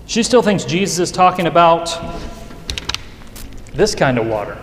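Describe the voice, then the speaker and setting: Man preaching, earnest conversational sermon, slightly high voice, roomy hall, long reverb. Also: sing-song, unhurried, background noise. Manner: earnest and conversational, with frequent restarts.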